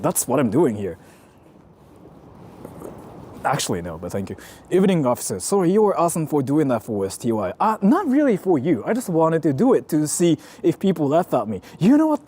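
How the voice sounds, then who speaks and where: A man live-streaming outdoors on a city street, chatting casually in an excitable, self-mocking way and swearing freely, recorded on a handheld camera. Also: fairly high pitch. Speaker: IRL streamer.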